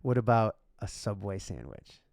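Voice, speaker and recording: A man co-hosting a podcast in casual chat, talking in an animated way, jumping into quoted voices and cutting in on his guest. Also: on the low side, moderate pace, vocal fry, no room sound, studio quality. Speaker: podcast co-host.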